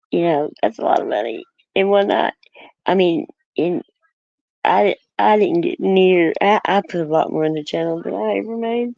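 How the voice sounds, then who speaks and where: A woman's voice: fairly low pitch, vocal fry, darkish tone, no room sound, dull audio. A woman from Oklahoma with a country accent, chatting casually as a guest and rambling through many fillers and restarts. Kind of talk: casual chat.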